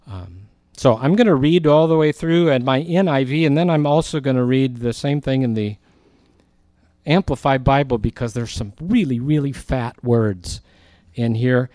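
A man's voice: medium pitch, moderate pace, darkish tone, dry recording, clean studio sound. A man, a pastor, teaching through a Bible passage and reading verses aloud with earnest emphasis.

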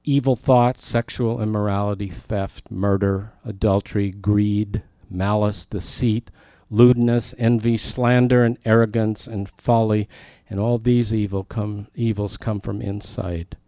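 A man's voice: fairly low pitch, fairly even intonation, measured pace, hardly any pauses, dark tone, dry recording. A man teaching the Bible verse by verse in a conversational, emphatic way, often turning aside to talk to his class.

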